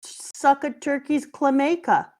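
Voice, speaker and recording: A middle-aged woman from Canada, co-hosting a casual stream over a voice call, loud and joking and swearing freely. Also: high voice, takes it slowly. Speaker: co-host and teacher. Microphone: home microphone over a voice call.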